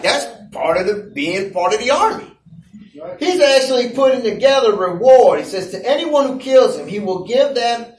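Animated high-voiced male preacher, storytelling sermon, roomy and distant. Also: a little hiss or hum. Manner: animated storytelling with playful asides. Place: church. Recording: echoey room, voice from a distance.

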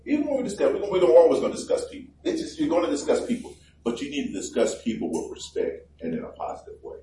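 A man's voice: a little high, wildly swooping pitch, fast, warm tone. A man preaching a sermon in a chatty, joking way, acting out little voices as he goes, recorded from a distance in a church. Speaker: pastor. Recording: roomy, distant mic with faint background noise.

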